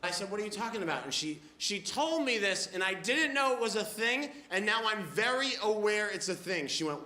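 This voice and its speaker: A man in his late twenties telling a stand-up set, animated storytelling with mumbled asides. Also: high-pitched, brisk, few pauses, reverberant. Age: late 20s. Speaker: stand-up comedian. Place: comedy club stage before a laughing audience.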